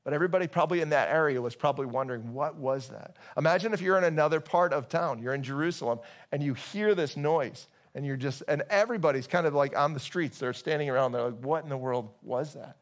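Guy preaching in church, kinda high voice, chatty and jokey, lots of restarts. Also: quick pace, hardly any pauses. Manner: conversational, joking, many restarts. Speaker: pastor. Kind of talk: sermon.

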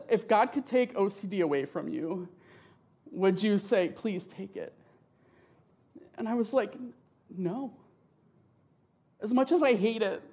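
Middle-aged man, church testimony speaker, passionate, expressive, emotional. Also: high-pitched. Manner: passionate and expressive, often asks "right?". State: tearful at times. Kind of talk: emotional testimony talk with slides.

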